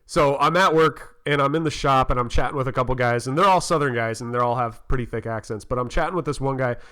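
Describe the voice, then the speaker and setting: A man in his thirties co-hosting a casual podcast, telling an animated story and laughing often. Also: mid-range voice, fast. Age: 30s. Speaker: podcast co-host. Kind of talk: casual chat. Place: living in North Carolina.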